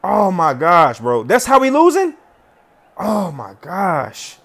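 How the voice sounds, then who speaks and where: A man commentating his own football video game play, chatty and slangy, swinging from loud yelling to low muttering. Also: wildly swooping pitch, takes it slowly. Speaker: gamer.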